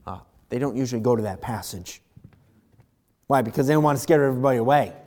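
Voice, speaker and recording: A middle-aged male pastor preaching a sermon, swinging from loud emphatic lines to hushed ones. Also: medium pitch, fast talker.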